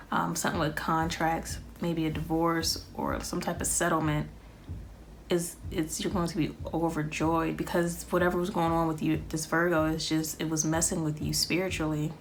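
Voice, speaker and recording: A tarot reader with a fairly low voice works through a reading in a loose, wandering way, often stopping with "um" as she thinks out loud. There's a faint hiss beneath the recording.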